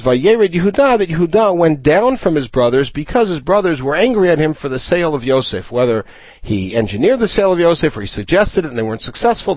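A man teaching a Torah study lesson, his pitch rising and falling in a lively, animated way as he counts through the verses. He reads Hebrew phrases aloud between his explanations. The sound is dry and close, with no room echo.

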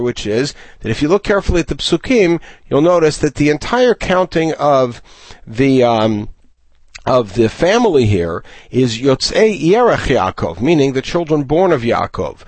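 A man teaching a Torah study lesson, his pitch rising and falling in a lively, animated way as he counts through the verses. He reads Hebrew phrases aloud between his explanations. The sound is dry and close, with no room echo.

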